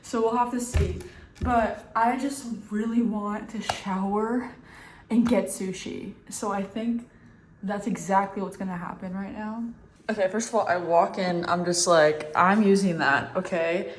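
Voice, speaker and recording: A young woman in her twenties chatting casually to camera in a vlog, self-mocking and often dropping into soft asides. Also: medium pitch, steady tone, measured pace, a little hiss or hum. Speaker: vlogger. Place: on the move, home, train and hotel room.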